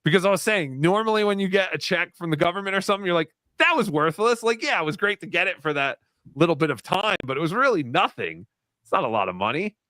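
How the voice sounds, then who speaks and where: A man's voice: high-pitched, animated, quick pace, pushed and bright, no echo, clean studio sound. A man hosting a casual livestream chat, loose and laughing, swearing freely. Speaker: livestream show host.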